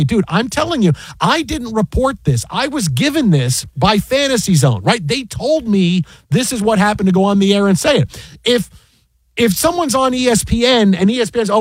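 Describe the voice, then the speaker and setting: Man host, casual storytelling; quick, exasperated, fairly high voice, dry sound. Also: no room sound. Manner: animated, exasperated retelling with many restarts.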